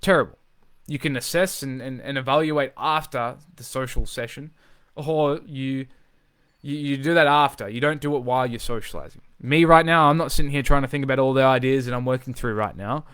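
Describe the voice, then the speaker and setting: A man coaching in a live, unscripted video, talking with energy and driving points home by repeating himself, swearing as he goes. His voice is smooth and resonant at a middling pitch. The sound is dry and close. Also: fairly quick, no room sound. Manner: energetic, emphatic, swears freely, repeats phrases for emphasis. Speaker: social confidence coach.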